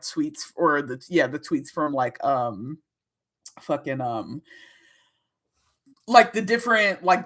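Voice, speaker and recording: A woman from Minnesota runs her own livestream, speaking directly to her chat in a casual, animated manner. Her voice sits in the mid range, and she laughs a lot and swears freely.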